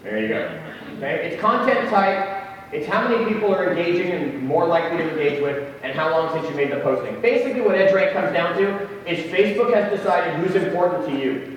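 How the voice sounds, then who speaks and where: Joking male seminar presenter in a hall. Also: a little high. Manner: joking, quick, addresses audience directly. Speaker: real estate tech seminar presenter. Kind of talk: live seminar teaching. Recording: echoey hall from far off, faint noise.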